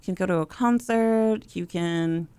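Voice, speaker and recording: A woman's voice: lowish voice, a little slow, dark tone, clear, resonant tone, dry recording. A woman in casual chat, bluntly giving opinions and laughing often.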